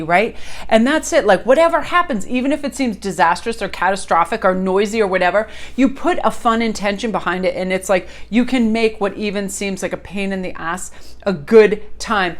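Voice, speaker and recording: A woman's voice: mid-range voice, animated, fairly quick. A middle-aged woman chatting casually in a bubbly, storytelling way, recorded on a phone in a hotel room. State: coughing, just sneezed. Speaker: tarot vlogger. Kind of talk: casual chat. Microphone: handheld phone camera.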